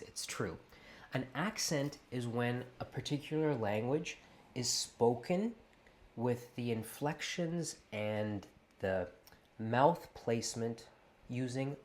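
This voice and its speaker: Canadian man, late 30s, host talking to camera, animated and playful, mid-pitched voice. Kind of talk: casual talk to camera.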